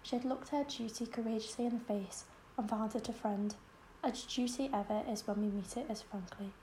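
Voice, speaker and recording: A woman narrates a classic novel in a calm, measured audiobook reading. Her voice sits a touch high yet sounds mellow and soft-edged, with a faint hiss behind it. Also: rough recording.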